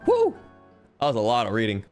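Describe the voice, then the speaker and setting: A young man casually chatting on a game livestream, animated, swearing freely and joking at himself. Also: a little high, moderate pace, soft background music. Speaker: game streamer. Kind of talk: casual livestream chat while reading game text aloud.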